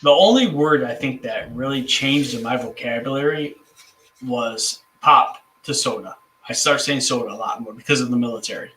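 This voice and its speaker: Bright-voiced chatty man in an echoey room. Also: mid-range voice, normal speed. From Michigan. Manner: chatty, musing out loud. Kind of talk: casual chat. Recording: echoey room with faint background noise.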